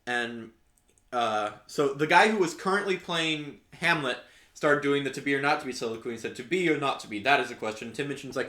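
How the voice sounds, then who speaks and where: A man's voice: mid-range voice, a little fast, bright, forceful tone. A young man in casual podcast chat, telling a rambling story with many fillers. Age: young adult. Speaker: podcast co-host. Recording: roomy echo.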